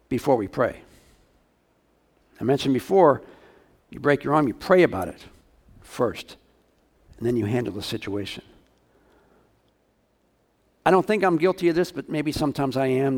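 A man's voice: mid-range voice, darkish tone. A male pastor preaching a sermon, talking casually and asking his congregation questions.

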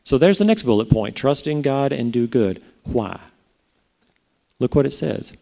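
Guy preaching, chatty, keeps asking the crowd questions, warm low-key tone. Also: very animated, a little slow, vocal fry. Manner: conversational, asks the congregation rhetorical questions. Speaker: pastor. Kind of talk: sermon.

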